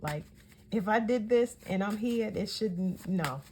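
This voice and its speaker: A woman's voice: mid-range voice, animated, measured pace, noisy background. A woman giving a casual tarot reading, talking in a chatty, emphatic way and often correcting herself mid-sentence. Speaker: tarot reader.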